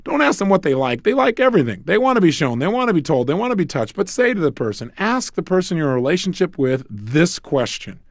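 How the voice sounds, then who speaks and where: A man's voice: on the high side, very animated, fast, few pauses, no echo, studio quality. A middle-aged man giving a motivational self-help lecture, emphatic, asking rhetorical questions and acting out bits of dialogue.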